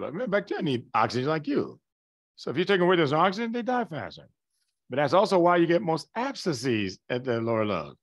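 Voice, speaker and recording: Lively man lecturing a class. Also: on the high side. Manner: lively, emphatic, asks the class questions. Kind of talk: live online lecture.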